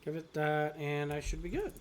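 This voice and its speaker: Gravelly-voiced male game streamer. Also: a little high, lively intonation, measured pace, background noise. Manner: chatty, reads game text aloud, jokey outbursts. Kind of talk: casual let's-play commentary. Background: faint game music.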